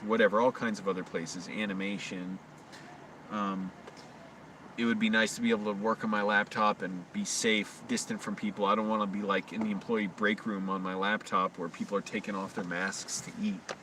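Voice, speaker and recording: A man streams live at night from his car, parked by a park, talking in a casual, meandering way full of fillers, restarts, and swearing. His lowish voice holds a fairly even intonation at a moderate pace, far from the mic, with noise behind it.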